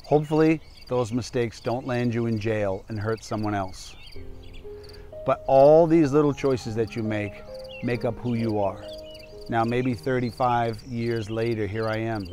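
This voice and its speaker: A man's voice: medium pitch, darkish tone. A man in his fifties, a doctor and public speaker, telling a personal cautionary story in an emphatic, candid, conversational way.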